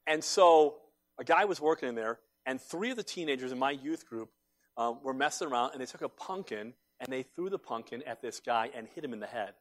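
A middle-aged male pastor preaching a sermon, emphatic and repetitive, swinging between loud exhortation and hushed asides. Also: mid-range voice, animated, fairly quick.

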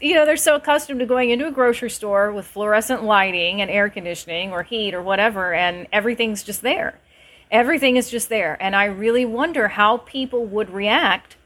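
A woman giving earnest spoken commentary as a homesteading vlogger, reading news excerpts aloud in an animated way. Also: mid-range voice. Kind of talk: casual spoken commentary to camera.

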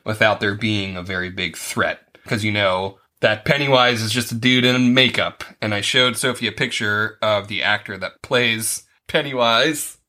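A man's voice: on the low side, fairly even intonation, moderate pace, few pauses, sharp tone. A man hosting a casual podcast, asking a child questions and explaining things plainly. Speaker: podcast host interviewing a child. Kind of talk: casual chat.

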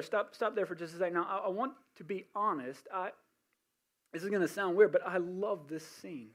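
A male pastor preaching a sermon, telling the story in an animated way with asides and restarts. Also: sits high, normal speed.

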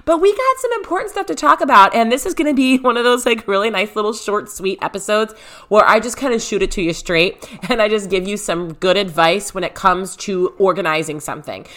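A woman's voice: medium pitch, brisk, fairly bright tone. A woman in her thirties hosting her podcast from home, chatty and upbeat, laughing often as she talks into a podcast microphone. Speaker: podcast host. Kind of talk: casual podcast chat.

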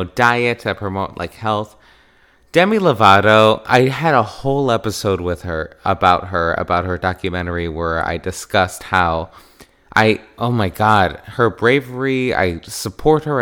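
A man from Wisconsin hosting a podcast, talking in an animated, emphatic casual monologue and acting out quoted exchanges. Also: lowish voice, smooth. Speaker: podcast host.

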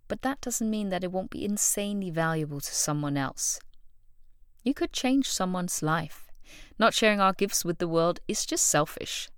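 A woman's voice: lowish voice, clear, resonant tone, no room sound, studio quality. A woman hosting a solo motivational podcast, telling stories expressively and acting out the voices of people she quotes. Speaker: podcast host.

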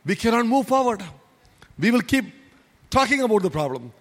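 A man's voice: very high voice, very animated, normal speed, big-room sound. A man preaching a sermon as pastor, emphatic and repetitive, with many rhetorical questions. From India.

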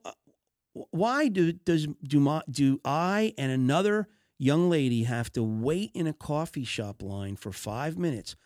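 A man's voice: medium pitch, a little mellow, no room sound, studio quality. A man hosting a business advice podcast, talking conversationally with fillers and restarts, exasperated about poor customer service. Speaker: podcast host.

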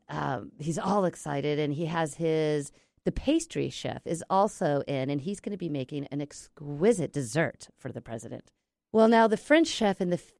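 Gravelly, low-voiced woman teaching casually. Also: a little mellow, dry recording, clean studio sound. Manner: chatty, rambling, with many fillers. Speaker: negotiation trainer. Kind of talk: casual instructional talk.

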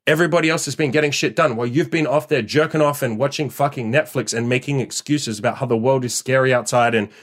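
A man's voice: mid-range voice, fast talker, hardly any pauses. A man hosting a podcast as a dating coach. He delivers a blunt, profane, fired-up motivational rant that scolds his listeners. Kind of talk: ranting motivational podcast monologue.

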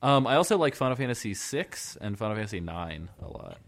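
A man's voice: lowish voice, sing-song, fairly quick, vocal fry. A man co-hosting a casual podcast, making goofy, crude jokes. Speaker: podcast co-host.

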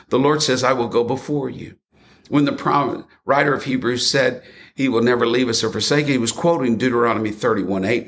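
A man preaching a sermon, quoting scripture and old hymn lyrics in an expressive delivery. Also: medium pitch.

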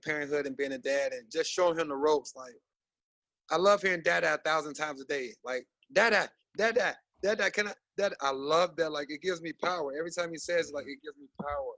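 A man in his thirties, a basketball coach guest on a podcast, talking in an animated, rambling way with many fillers. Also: on the high side, no room sound, low-quality recording. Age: 30s. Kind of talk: casual podcast interview.

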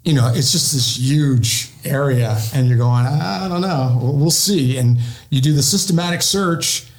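A man's voice: medium pitch, moderate pace, echoey room. A middle-aged man, a retired police officer, telling stories as a podcast guest and acting out the quotes. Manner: animated storyteller acting out quotes. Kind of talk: podcast interview storytelling.

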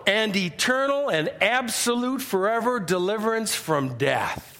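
A man voicing an excited male game-show announcer, with a showy, drawn-out delivery. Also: high voice, full character voice. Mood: hyped.

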